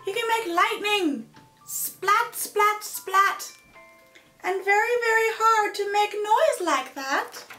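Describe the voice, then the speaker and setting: A woman reading a children's storybook in a strange, high, put-on voice, making exaggerated sound effects in a slow sing-song delivery. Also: pushed and bright, recorded from a distance, full character voice.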